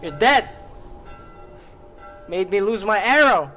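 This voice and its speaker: An excitable gamer reacts to gameplay, taunting enemies, swearing and laughing in between. The talk is unhurried, drawn out between bursts, with sudden yelps and shouts that leap high, and a middling pitch otherwise. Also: soft background music. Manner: talks to the game characters. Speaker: gaming video creator.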